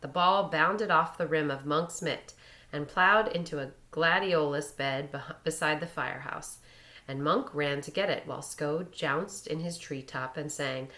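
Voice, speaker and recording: A woman reading a short story aloud in a measured storytelling manner. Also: sits low, pushed and bright. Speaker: reader.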